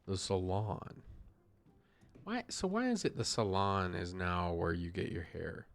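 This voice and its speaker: A man's voice: deep voice, wildly swooping pitch, moderate pace, gravelly. A man streaming a game live, commenting casually and sarcastically and swearing freely.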